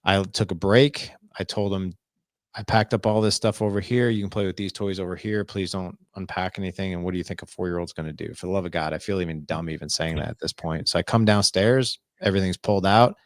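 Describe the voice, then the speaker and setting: A man in his forties with a very low, gravelly voice tells a personal story as a podcast guest. He talks in an earnest, confessional way and acts out remembered dialogue. The sound is close and dry, with no room echo. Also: fairly even intonation, fast talker. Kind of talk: candid storytelling in a podcast interview.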